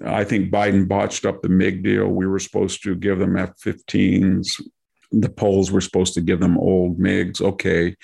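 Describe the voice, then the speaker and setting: A man's voice: sits low, gravelly. An older man giving rambling political commentary on a podcast, often slipping into mock quotes of others.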